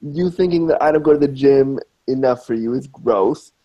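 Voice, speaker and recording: A man's voice: medium pitch, moderate pace, mellow, lo-fi sound. A man in casual conversation, talking frankly and emphatically, repeating words to drive his points home. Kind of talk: casual chat.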